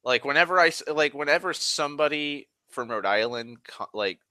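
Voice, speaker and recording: Bright, rambling, profane man from Massachusetts. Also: a little high, lively intonation, normal speed, smooth, no room sound. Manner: profane, rambling, self-mocking. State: drinking whiskey, tipsy. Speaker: livestream host. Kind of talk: rambling casual monologue.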